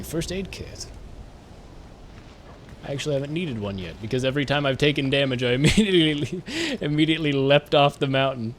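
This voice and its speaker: A man in his twenties chatting casually and joking with viewers while he plays a game live. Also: fairly high pitch. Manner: rambling, jokey, talks to chat while playing. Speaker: streamer.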